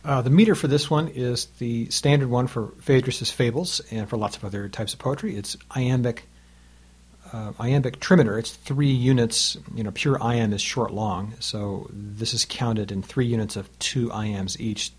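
A man in his fifties gives a recorded lesson on Latin verse, patient and explanatory. His voice is husky, sitting in an ordinary middle pitch. He counts out the rhythms aloud as he explains them. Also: moderate pace. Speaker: Latin teacher.

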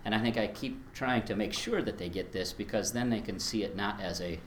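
A man's voice: fairly low pitch, brisk, fairly bright tone, echoey room, slight background noise. A man teaching a workshop on verse rhythm, chatty and explaining with spoken examples, often chuckling. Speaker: Latin teacher. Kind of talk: workshop presentation.

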